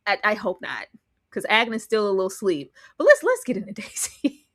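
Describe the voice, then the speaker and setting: Animated, bright-voiced woman host. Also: medium pitch, moderate pace, no room sound, clean studio sound. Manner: animated, acts out character lines. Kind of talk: casual live show discussion.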